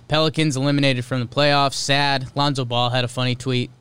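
A man hosting a casual sports podcast, reading off game scores in quick, clipped bursts with loose, offhand commentary in between. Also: mid-range voice, level tone, a bit bright, clean tone. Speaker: podcast host.

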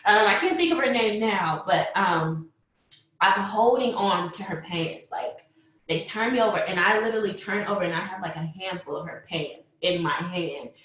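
A young woman telling a personal story, animated, acting out what people said and laughing often. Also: mid-range voice, normal speed. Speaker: mother telling her birth story. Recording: very echoey room.

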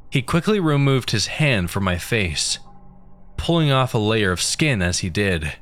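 A man narrating a first-person horror story in a steady, grim telling. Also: fairly low pitch.

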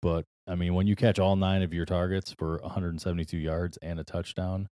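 A man's voice: sits low, fairly quick, no echo, clean studio sound. A man co-hosting a podcast, chatting casually and agreeably about football, with plenty of fillers. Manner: relaxed, agreeable, rambling with fillers. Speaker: podcast co-host. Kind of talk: casual sports chat.

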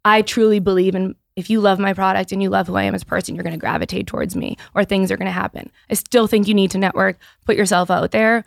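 Candid woman in her thirties, gravelly edge. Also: medium pitch, fast, few pauses, no echo, clean studio sound. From Boston area. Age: 30s. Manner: candid and animated, with frequent restarts and "like". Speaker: guest, business founder. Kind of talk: casual podcast interview.

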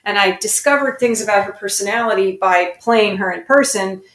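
A woman's voice: medium pitch, a little fast, a bit bright, reverberant. A woman being interviewed as a guest actor, telling stories in a reflective, self-correcting way. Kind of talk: interview conversation.

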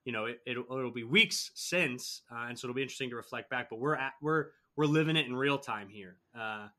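A man's voice: medium pitch, fairly quick. A man hosting an interview podcast, reading a scripted intro and then chatting loosely with many fillers. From Boston area. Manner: loose, filler-heavy, trails off softly. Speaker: podcast host.

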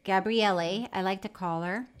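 A middle-aged woman from Florida co-hosting a comedy podcast, chatty, quick to laugh, and eager to tell her stories. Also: mid-range voice, clean tone. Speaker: podcast co-host. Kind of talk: casual comedic chat.

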